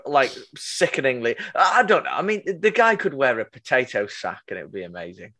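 A man's voice: medium pitch, sing-song, fairly quick, sharp tone. A man in casual chat who stumbles and repeats words as he starts his thoughts. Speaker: screenwriter.

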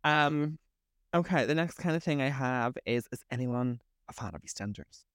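A man from Britain co-hosts a casual podcast, talking bluntly and swearing freely. His voice sits at a middle pitch and is recorded close on a podcast mic with a dry, roomless sound. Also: expressive, moderate pace, a bit bright, dry recording. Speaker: podcast co-host. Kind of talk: casual chat.

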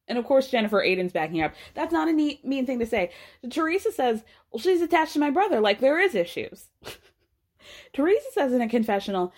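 A young adult woman hosting a podcast, recapping a reality show in casual, animated chat, swearing freely and mimicking the people she talks about. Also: mid-range voice. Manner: animated, swears freely, mimics cast members in quick asides.

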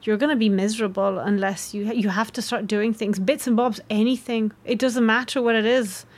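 A young woman from Romania, a guest talking frankly and lively in a casual interview. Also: a little high, moderate pace. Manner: lively, frank, laughs easily. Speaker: guest, actress and writer.

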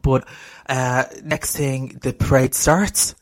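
An Irish man co-hosting a casual chat show. He tells his stories in an animated way, breaks into laughter often, and swears freely. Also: mid-range voice, slow pace. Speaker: podcast co-host.

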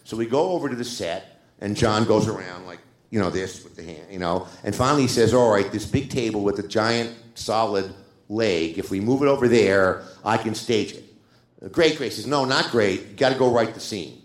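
Older male screenwriter, low voice, animated raconteur, live theater echo. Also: moderate pace. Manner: animated storyteller, acts out quotes. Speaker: screenwriter guest. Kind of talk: live stage interview anecdote. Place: theater stage. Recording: roomy live theater sound.

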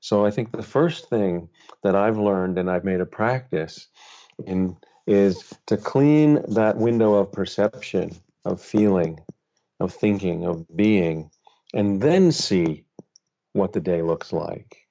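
A middle-aged male author, a guest on an interview, telling a personal story in a gentle, thoughtful, unhurried way. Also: deep voice, animated. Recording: slightly dull, lo-fi sound.

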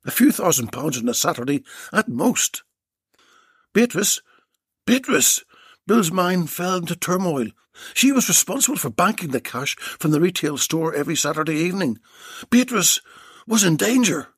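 A man's voice: a little high, sing-song, normal speed, breathy edge, no room sound, clean studio sound. A man narrating a story chapter in a wry, dramatic reading style.

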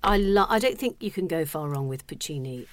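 A woman's voice: deep voice, animated, a little fast. A woman chatting casually as a guest, often restarting and repeating her words. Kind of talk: casual chat.

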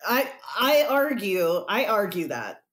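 A woman's voice: mid-range voice, very animated, slow pace, a bit bright. A woman co-hosting a podcast in casual chat, teasing and argumentative. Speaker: podcast co-host.

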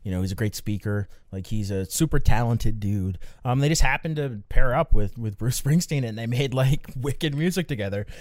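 A man's voice: medium pitch, lively intonation, moderate pace, hardly any pauses, a little mellow, dry recording, clean studio sound. Laughing young man co-hosting a comedy podcast. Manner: laughing often, swearing. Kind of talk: casual comedic chat.

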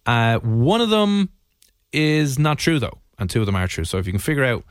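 A man hosting a radio show, chatting and joking quickly with callers and his co-host. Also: mid-range voice, very animated, clear, resonant tone, dry recording, clean studio sound. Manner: fast, jokey and chatty. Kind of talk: casual radio chat.

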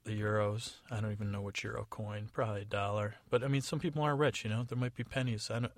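A man's voice: on the low side, fairly even intonation, fast, dry recording. A man from the United States improvising a story in a casual, rambling, digressive way. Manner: rambling, digressive, many fillers. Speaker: podcast storyteller.

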